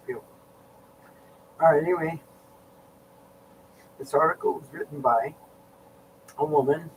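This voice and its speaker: Man vlogger, rambling and self-interrupting, a touch high, recorded at a distance with light background noise. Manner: rambling, interrupts himself, groans about discomfort. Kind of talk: casual reading aloud with asides. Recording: set back from mic, faint background noise.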